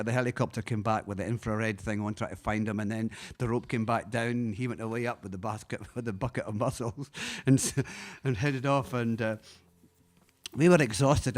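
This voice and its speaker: A Scottish man, a singer-songwriter, telling a rambling, halting story between songs, chuckling often. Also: mid-range voice. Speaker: singer-songwriter introducing a song.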